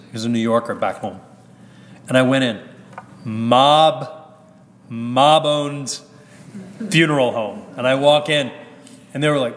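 A man's voice: mid-range voice, a little slow, long pauses. A male priest telling a personal story in a candid, rambling way, chuckling at his own jokes. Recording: reverberant hall with faint background noise.

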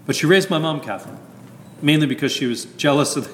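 A man's voice: fairly high pitch, quick pace, fairly bright tone. A male priest telling a personal story in a candid, rambling way, chuckling at his own jokes. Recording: reverberant hall with faint background noise.

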